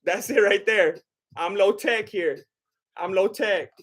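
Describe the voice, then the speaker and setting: A man's voice: high voice, slow, fairly bright tone. A man doing live-stream reaction commentary, reading chat aloud and talking straight to his viewers with many restarts. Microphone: laptop setup.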